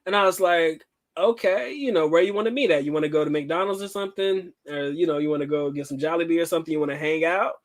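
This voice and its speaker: A man talks on his livestream in a loose, profane street slang, spinning a long personal story. His voice sits a bit high for a man, and he acts out the dialogue as he goes. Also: quick pace. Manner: animated, profane, slangy storytelling with acted-out quotes. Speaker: livestream host.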